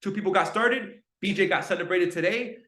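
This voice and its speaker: A young man leading a team call, coaching in an energetic, repetitive way and often checking in with "right?". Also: high voice, brisk. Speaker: team leader on a sales call. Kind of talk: motivational coaching talk.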